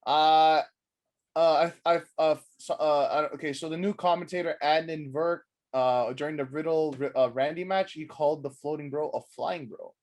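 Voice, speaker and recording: A man's voice: a little high, steady tone, normal speed, a little mellow. A man with a slightly raised voice rambles through a casual wrestling chat. He swears often, jokes around, and sounds worn out after a sleepless night. His talk is loose and full of restarts. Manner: rambling, swears, jokey rants. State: tired from no sleep. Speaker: podcast co-host.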